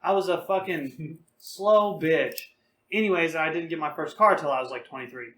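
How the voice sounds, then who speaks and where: A man's voice: fairly high pitch, moderate pace, a bit bright, reverberant. A young man in his twenties, co-hosting a podcast and telling profane, laughing stories in a loose, casual way. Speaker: podcast co-host. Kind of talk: casual storytelling.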